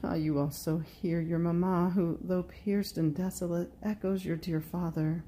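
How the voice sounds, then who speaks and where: A woman reading a devotional meditation in a slow, prayerful way, speaking directly to Jesus. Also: lowish voice, warm tone, a little hiss or hum. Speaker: devotional reader.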